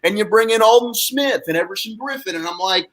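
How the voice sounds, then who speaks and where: A man's voice: high-pitched, animated, a little fast, fairly bright tone, rough recording. A man guesting on a sports podcast, talking with heated, swearing rants and many "you know" fillers. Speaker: guest sports radio host. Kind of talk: casual sports podcast chat.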